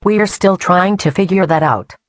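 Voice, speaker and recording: A woman's voice: fairly low pitch, moderate pace, a little hiss or hum, natural voice. A woman playing a composed, guarded hospital staff member in an amateur audio drama. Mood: firm.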